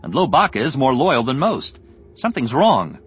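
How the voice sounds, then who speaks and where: A man's voice: medium pitch, big pitch swings, normal speed, a bit bright, breathy edge, voice pushed up, heavily acted. Man voicing a earnest young male jedi, urgent, raised, audiobook, music underneath. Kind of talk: audiobook character voice.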